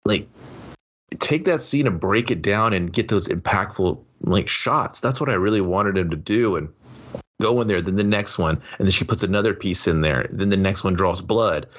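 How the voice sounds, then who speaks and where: Casting: young male podcast co-host, low voice, loose profane movie-review banter. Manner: rambling, profane, acts out scenes in quick voices. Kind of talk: casual movie review chat.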